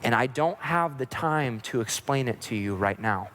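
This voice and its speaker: A man voicing a calm, gentle airplane pilot who talks softly and reassuringly. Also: mid-range voice, moderate pace, a little hiss or hum, pitched below the performer's own voice, natural voice. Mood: calm urgent.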